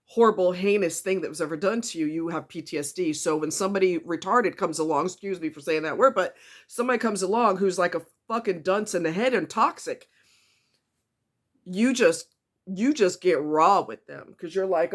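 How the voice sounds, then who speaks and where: Emotional woman vlogger, halting and blunt. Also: fairly low pitch. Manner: halting, frequent ums and restarts, blunt swearing. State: emotional, tight throat. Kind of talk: personal confessional vlog.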